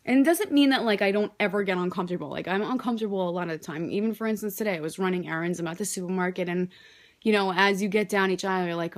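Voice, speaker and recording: A young woman talks straight to her camera at an ordinary middle pitch. She rambles, fills her sentences with "like" and swears freely, sounding candid and unpolished. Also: fast talker. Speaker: vlogger. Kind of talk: casual talk to camera.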